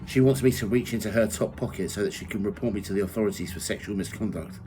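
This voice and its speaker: Low-voiced guy reading his own memoir, steady first-person telling, bit of faint background hum. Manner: measured reading, rising loud for quoted shouts.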